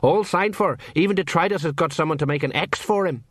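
A man's voice: fairly high pitch, fairly quick, no room sound, clean studio sound, voice pushed up, close to an everyday voice. A man voicing a flustered, pompous middle-aged watch sergeant who talks in a hesitant sing-song. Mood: uncertain.

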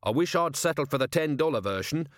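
A man's voice: a little high, expressive, fast, dry recording, studio quality, voice pushed up, natural voice. A man voicing a scruffy male city watchman who talks hesitantly and mumbles. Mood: sheepish, awkward.

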